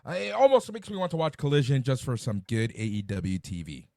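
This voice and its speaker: A man co-hosting a podcast in casual chat, his pitch moving widely up and down. He answers in short reactions and quips. The recording is close and dry. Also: wildly swooping pitch, a little fast, creaky, darkish tone, no room sound. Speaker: podcast co-host.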